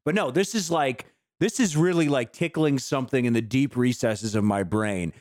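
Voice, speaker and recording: Animated swearing man, dry sound. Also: mid-range voice, moderate pace, no echo. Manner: animated, swearing, laughing often. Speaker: podcast co-host. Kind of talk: casual chat.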